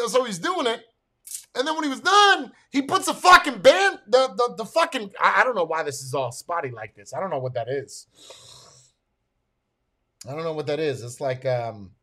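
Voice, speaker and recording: A man ranting through a casual, profane story, excitable and full of stumbling restarts. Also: high voice. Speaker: military veteran telling a story.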